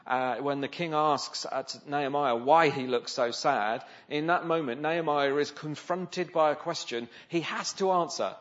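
A man's voice: a little high, normal speed, hardly any pauses, fairly bright tone. A man preaching a sermon in a conversational way, often asking the listeners rhetorical questions. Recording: slightly dull, lo-fi sound.

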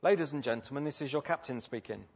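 A man voicing a calm male airline pilot making formal cabin announcements, on a slightly dull lo-fi recording. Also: mid-range voice, fast, gravelly, breathy edge. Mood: calm announcing.

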